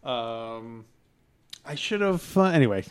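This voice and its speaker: Animated man with wry asides. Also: mid-range voice, takes it slowly, clean tone. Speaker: podcast co-host. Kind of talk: casual chat about a film.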